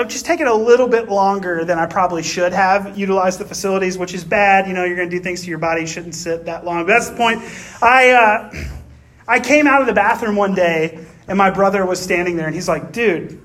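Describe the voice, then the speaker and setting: A man with a fairly high-pitched voice delivers a relaxed, conversational sermon. He talks like he's chatting with friends, dropping quick tag questions and stories from his own life as he explains the scripture. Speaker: pastor.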